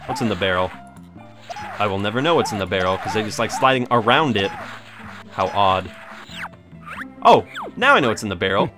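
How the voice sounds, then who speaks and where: A man's voice: on the low side, animated, a little fast, long pauses, over music. A young man giving casual, jokey gameplay commentary with sarcastic, rambling asides. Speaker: let's play host.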